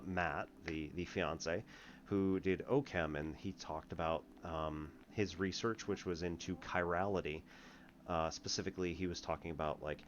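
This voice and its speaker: Male math tutor, deep voice, loose rambling delivery with frequent laughs, muffled lo-fi audio. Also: a little hiss or hum. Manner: rambling, laughs often, halting restarts. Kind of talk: casual lesson chat.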